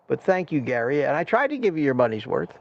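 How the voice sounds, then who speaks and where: A man's voice: mid-range voice, sing-song, fast talker, vocal fry. Rambling older man ranting on a live stream. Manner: ranting, self-deprecating, thanks viewers by name. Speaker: livestream host. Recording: dull lo-fi stream audio.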